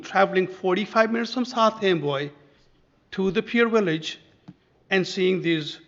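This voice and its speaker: A middle-aged man with a Pakistani accent making a formal, pleading public comment at a council meeting. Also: high voice. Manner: formal, broken phrasing, pleading. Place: council chamber. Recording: dull, muffled meeting audio.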